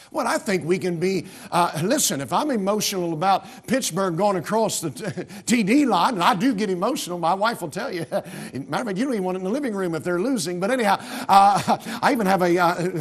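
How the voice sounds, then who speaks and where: Here a male American pastor gives a sermon inside a church sanctuary, his voice pitched high for a man with a breathy edge. Pressing his points, he climbs into emphatic bursts, tripping over words and starting again.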